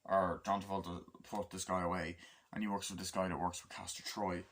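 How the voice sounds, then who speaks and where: A man's voice: low-pitched, level tone, fairly quick, a bit bright, slight background noise. A man giving a casual, rambling movie review. He swears freely and acts out scenes in quoted voices.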